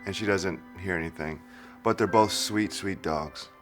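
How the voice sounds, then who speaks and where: Low-voiced dog owner, relaxed. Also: male voice, normal speed. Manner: relaxed, with fillers and small laughs. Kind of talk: interview talk. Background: music.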